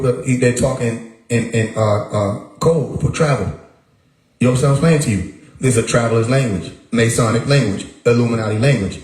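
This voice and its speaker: A man's voice: medium pitch, normal speed, a little mellow. Emphatic man talking in an echoey room. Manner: emphatic, repeats words, rhetorical questions. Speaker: livestream host. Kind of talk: casual livestream monologue.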